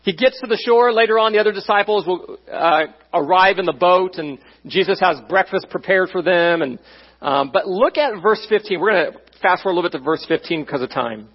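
A man preaching a sermon as pastor, animated and conversational, often checking in with his listeners. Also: high-pitched, brisk, husky, highs cut off.

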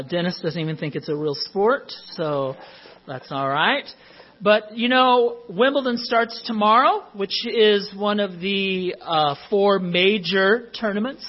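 A husky, slightly high-pitched man in his fifties delivers a sermon in a church, chatty and informal, with plenty of "uh"s between phrases. The recording sounds dull and lo-fi. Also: moderate pace. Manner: chatty and informal, with frequent fillers. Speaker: pastor. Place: church sanctuary.

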